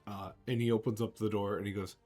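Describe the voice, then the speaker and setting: A man narrating a tabletop game as game master, lively and slipping into character voices. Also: fairly low pitch, fast talker, husky, faint music behind. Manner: animated, jumps into character voices.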